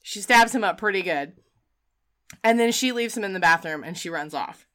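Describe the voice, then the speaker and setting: Woman, casual chat recap; animated storyteller who swears and laughs, crisp bright tone. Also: medium pitch, normal speed. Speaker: podcast co-host recapping a film.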